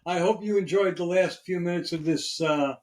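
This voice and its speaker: A man's voice: high-pitched, normal speed. A man hosting a casual podcast chat, trading jokes in a laid-back way and wrapping up the show. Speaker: podcast host. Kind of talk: casual chat, joke-telling.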